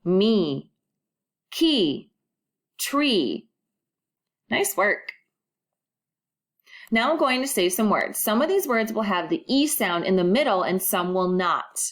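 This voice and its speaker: Slow, clear-speaking woman teacher. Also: medium pitch, lively intonation, fairly bright tone. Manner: slow, clear modeling of sounds with encouraging prompts. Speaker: first grade teacher. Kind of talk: recorded phonics lesson for children.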